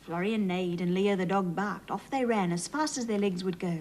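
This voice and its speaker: On a children's TV show, an Australian woman host reads a storybook aloud and speaks gently to young viewers in a sing-song manner. Her voice is medium-pitched at a moderate pace, and the audio is poor.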